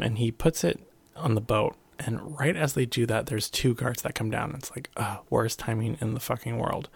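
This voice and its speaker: A man with a gravelly edge to his voice and a dead-dry, close sound. He's chatting casually about a show, cursing freely and acting out scenes with bits of quoted dialogue. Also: mid-range voice, no room sound. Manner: swears freely, animated retelling with quoted voices. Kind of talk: casual TV recap chat.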